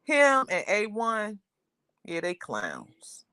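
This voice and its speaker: A woman's voice: mid-range voice, wildly swooping pitch, drawn-out words, sharp tone, dry recording, clean studio sound. A woman hosting a casual livestream, chatting with viewers in a rambling, talkative way. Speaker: livestream host.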